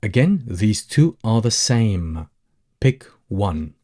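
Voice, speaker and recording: A man with a Levantine Arabic accent teaching a language lesson, explaining slowly step by step with frequent fillers. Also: lowish voice, sing-song, dark tone.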